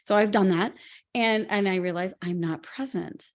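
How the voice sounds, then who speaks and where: A woman co-hosting a podcast in casual conversation, telling lively stories and laughing often. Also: medium pitch, normal speed. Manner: animated, laughing storyteller. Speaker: podcast co-host.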